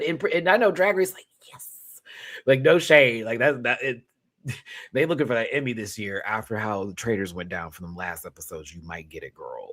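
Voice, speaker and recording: A sassy man riffs through a casual show review, his pitch leaping and dipping all over the place. He bursts out loud, then drops to murmured asides, and laughs between lines. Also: breathy edge. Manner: sassy, animated, swings between loud outbursts and hushed asides; laughs often while talking. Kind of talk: casual reaction commentary.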